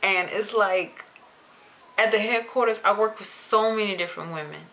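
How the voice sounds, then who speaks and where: A young adult woman vlogging to camera in a chatty, expressive way, stretching words for emphasis. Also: medium pitch, moderate pace. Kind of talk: casual chat to camera.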